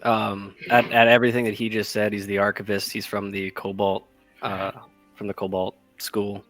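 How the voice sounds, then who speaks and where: A man talking as a player in a tabletop game, quick and eager, stumbling a little. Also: on the low side, monotone, a bit bright, no echo, faint music behind.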